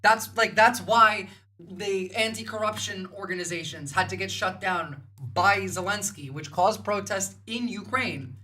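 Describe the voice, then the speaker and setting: Bright-voiced swearing woman. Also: mid-range voice, measured pace. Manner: blunt, heated, swears a lot. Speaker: livestream commentator. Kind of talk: casual reaction commentary.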